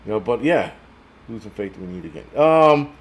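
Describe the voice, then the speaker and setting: A man's voice: fairly low pitch, expressive, moderate pace. A man in his forties hosting a casual livestream, ranting bluntly and profanely and reading out viewer comments. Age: 40s. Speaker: host.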